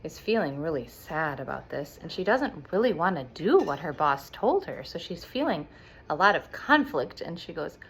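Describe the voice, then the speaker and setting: Lively woman storyteller for kids, pitch bouncing all over, animated. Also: moderate pace, slight background noise. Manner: animated, expressive. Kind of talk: explaining an opera story to children.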